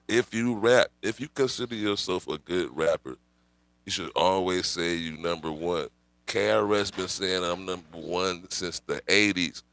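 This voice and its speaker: A man with a lowish voice rants on a livestream, rambling through slang and swearing and laughing as he goes. The sound is dry and close, with no room around it. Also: fairly bright tone, dry recording. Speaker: livestream host. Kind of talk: casual live-stream rant.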